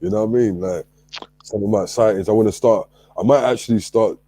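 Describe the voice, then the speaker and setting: Mellow husky host. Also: male voice, on the low side, brisk, dry recording. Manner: laid-back, addresses the audience directly. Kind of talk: casual chat.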